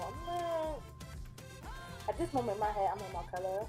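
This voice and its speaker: A young woman telling a casual storytime vlog, animated, acting out the other people's lines in quick mock voices. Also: mid-range voice, over music. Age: young adult. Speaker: vlogger.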